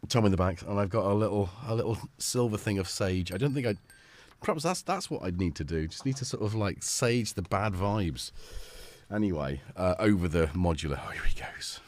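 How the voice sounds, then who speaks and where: Brief: deep-voiced man hosting a relaxed home-studio livestream, rambling and animated, dry close sound. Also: normal speed, no echo. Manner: rambling, chatty, full of restarts and laughs. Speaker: livestream host. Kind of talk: casual livestream chat.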